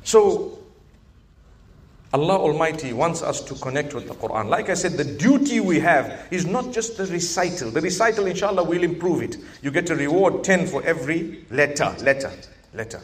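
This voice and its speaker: A man preaching to a live audience at a large event, swinging from emphatic calls to soft, gentle advice and asking the crowd questions. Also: fairly high pitch, normal speed. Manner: animated, rising to emphatic exhortation, then softening; asks the audience questions and jokes. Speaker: Islamic preacher.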